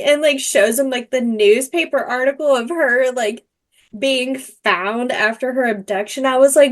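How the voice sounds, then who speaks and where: A woman's voice: sits high, a little slow. A young woman co-hosting a book podcast, casual and teasing with sarcastic asides. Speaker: podcast co-host.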